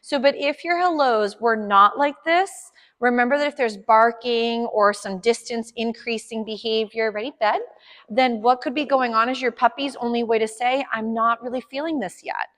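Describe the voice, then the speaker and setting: A woman's voice: on the high side, normal speed, fairly bright tone, big-room sound. A woman dog trainer explaining a session to her clients, upbeat, chatty and encouraging.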